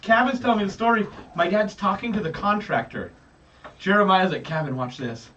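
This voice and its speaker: A high, bright-voiced man tells crude work stories with big swings in pitch, acting out everyone in them. He sounds far from the mic. The sound is dull and lo-fi, with a faint hiss under it. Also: a little fast. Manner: crude, animated storytelling full of quoted voices. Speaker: construction worker telling stories. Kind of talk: casual chat with friends.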